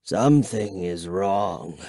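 Man doing a low, slow old vampire, gloomy and menacing, audiobook voice, dark tone, dry sound. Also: animated, dry recording, full character voice. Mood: hungry murmur. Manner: slow, low, drawn-out murmuring. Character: ancient thirsty male vampire count, gloomy, menacing. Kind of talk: audiobook character voice.

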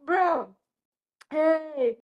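A woman's voice: sits high, extremely slow, highs cut off. A woman with a Jamaican accent hosting a casual live stream, joking and laughing in patois.

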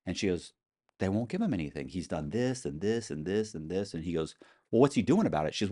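A man with a fairly low voice tells a story in a casual interview, his pitch leaping around as he acts out the people in it. He is blunt and swears freely. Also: fast. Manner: animated storyteller acting out quoted voices. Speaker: interview guest.

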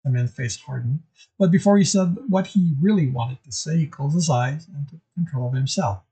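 A man's voice: on the high side, normal speed, mellow, husky, low-quality recording. A man reading a chapter of his own novel aloud, casual, with occasional stumbles.

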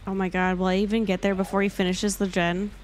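A young woman streaming a game, chatting casually with her viewers, excitable and dramatic, laughing often. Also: mid-range voice, quick pace, a little hiss or hum. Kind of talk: casual gameplay commentary.

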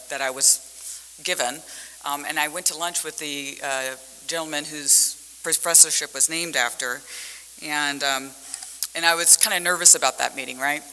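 Animated woman speaking in an echoey hall. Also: deep voice, slight background noise. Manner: animated storytelling with vivid metaphors. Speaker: conference panelist, scholar. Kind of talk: conference talk. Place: conference hall.

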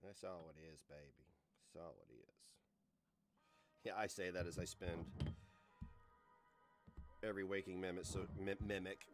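A man in his forties streaming live, ranting in a crude, mocking, loud way. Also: low voice, normal speed, pauses often, music in the background. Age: 40s.

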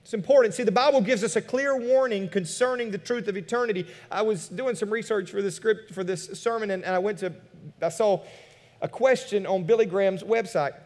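A male pastor preaching a sermon in a church, animated, firing rhetorical questions and dropping into quiet asides. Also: high-pitched, fairly quick, long reverb tail. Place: church sanctuary.

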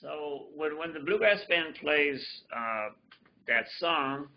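A man's voice: fairly high pitch, animated, slow pace, creaky, faint music behind. A man teaching a fiddle lesson over a livestream, explaining loosely with many restarts and fillers. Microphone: computer mic on a video call. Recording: dull lo-fi livestream audio with fiddle. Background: fiddle playing.

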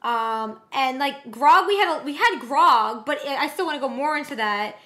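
A young woman with a high, bright voice talks through a show she just watched, animated and rambling. She keeps slipping into quick character voices to act out lines, then drops back into casual chat. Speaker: co-host of a reaction show.

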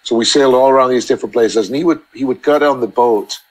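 A man chatting as a podcast guest, telling long, halting anecdotes full of restarts. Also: mid-range voice, poor audio. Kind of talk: casual storytelling chat.

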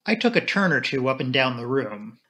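A man reading a novel aloud in first person, with measured, steady storytelling. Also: medium pitch. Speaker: amateur audiobook reader.

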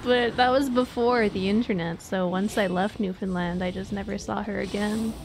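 A woman's voice: medium pitch, steady tone, normal speed, creaky, music in the background. A woman from Atlantic Canada chatting casually with her live-stream viewers, swearing and laughing often. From Maritimes, Atlantic Canada.

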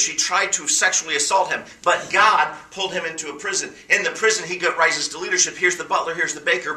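A pastor preaching a sermon to a congregation, building to emphatic, rising bursts. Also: male voice, on the high side, bright, forceful tone, echoey room, far from the mic.

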